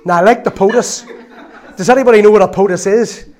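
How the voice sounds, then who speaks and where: A man's voice: high-pitched, quick pace, a little mellow. A man preaching a sermon in a chatty storytelling way, with laughs and asides.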